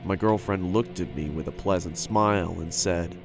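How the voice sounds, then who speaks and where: A man narrating a first-person horror story in a steady, earnest way. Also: low-pitched, moderate pace. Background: background music.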